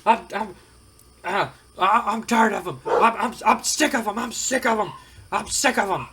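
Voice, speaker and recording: A man's voice: high voice, moderate pace, background noise, voice pushed up. A man putting on the voice of a furious older male wrestling boss who sputters and repeats himself. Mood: fed up.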